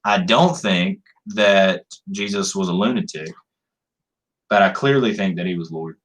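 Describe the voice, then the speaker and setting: Folksy Southern man, bright voice. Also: deep voice, unhurried, low-quality recording. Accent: Southern US, North Carolina. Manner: relaxed, folksy, joking. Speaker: youth ministry leader. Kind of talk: casual discussion.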